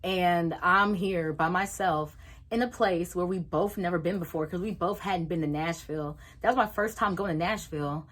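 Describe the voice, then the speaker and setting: Young woman, storytime vlog, animated, fairly low voice, acts out quotes. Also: normal speed. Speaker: vlogger. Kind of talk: casual storytime.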